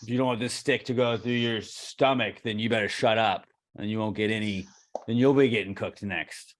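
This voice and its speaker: Lowish-voiced swearing podcast co-host. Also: male voice, fairly quick. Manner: animated storyteller, swears freely, acts out quoted exchanges. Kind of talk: casual podcast banter.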